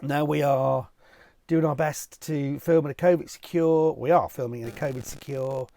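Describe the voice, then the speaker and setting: A man's voice: on the high side, steady tone, normal speed, vocal fry, dark tone. A cheerful middle-aged man hosting a casual Q&A, reading out viewer questions and answering them in a jokey, chatty way. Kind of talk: casual Q&A video.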